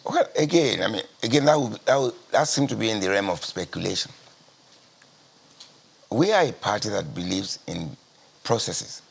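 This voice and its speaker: A Nigerian man speaking as a party spokesman in a news interview, measured and deliberate, often repeating his key phrases. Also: lowish voice, expressive. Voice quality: gravelly, husky. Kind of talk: guarded TV news interview answers.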